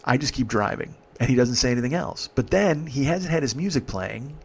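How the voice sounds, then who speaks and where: A man's voice: medium pitch, animated, brisk, gravelly, husky. A man in his forties, a comedian, telling a rambling, profane, exasperated comic story. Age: 40s. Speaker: comedian host.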